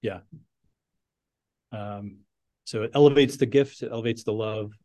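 A man's voice: lowish voice, fairly even intonation, measured pace, warm tone. A man teaching a Bible class, thinking aloud with frequent restarts and putting questions to his students.

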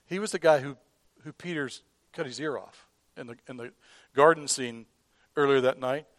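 A man preaching a sermon in an earnest way, who often repeats and restarts words and drops from loud emphasis to a hush. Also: mid-range voice, normal speed, no room sound. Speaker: pastor.

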